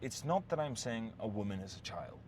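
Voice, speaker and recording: A man's voice: fairly low pitch, sing-song, a little fast, noisy background. A man giving relationship advice in an unscripted monologue, blunt and full of swearing, often checking in with a "yes?" and restarting his sentences. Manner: restarts and repeated words.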